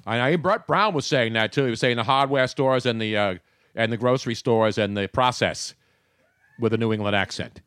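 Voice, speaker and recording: A man's voice: medium pitch, fairly quick, a bit bright, smooth, no room sound, studio quality. A man hosting a talk show, joking and rambling in casual banter. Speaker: radio show host.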